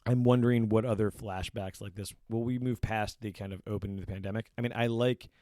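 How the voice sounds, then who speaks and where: A man's voice: lowish voice, fairly even intonation, fast talker, mellow, no room sound, studio quality. A man co-hosting a podcast in casual chat, rambling and swearing freely. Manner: rambling, profane, quotes characters in put-on lines. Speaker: podcast co-host.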